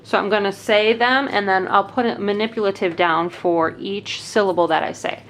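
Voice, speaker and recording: A woman's voice: mid-range voice, steady tone, normal speed. Patient woman demonstrating classroom activities. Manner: clear, patient, explaining step by step. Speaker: teacher.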